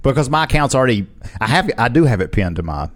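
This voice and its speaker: A man's voice: medium pitch, big pitch swings, fast. A man co-hosting a casual talk show, reading odd news stories and tossing in playful wisecracks.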